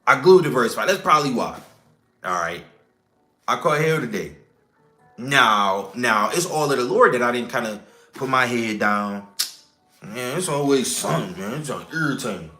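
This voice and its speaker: A man's voice: medium pitch, expressive, normal speed, bright, forceful tone, soft background music. A man teaching scripture informally, emphatic and preachy, asking rhetorical questions, swearing casually and checking in with "okay?" and "all right?". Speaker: religious teacher.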